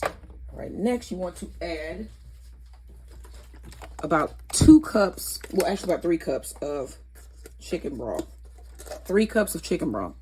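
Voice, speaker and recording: A woman's voice: on the low side, expressive, a little slow, long pauses, darkish tone, slight background noise. A woman hosting a casual cooking vlog in her home kitchen, chatty and correcting herself as she goes. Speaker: cooking channel host.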